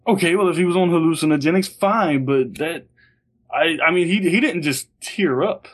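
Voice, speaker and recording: A man's voice: on the high side, normal speed, breathy edge. A man co-hosting a casual audio podcast, answering in a dry, skeptical, unamused way. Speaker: podcast co-host. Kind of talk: casual chat.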